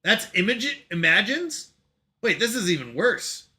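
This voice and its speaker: A male streamer talks casually to his audience with an excitable manner and frequent laughter. His voice sits high and jumps around in pitch. The tone is very bright. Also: a little slow. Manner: excitable, laughs often, exclaims at himself. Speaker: live-stream host. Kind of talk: casual live-stream chat.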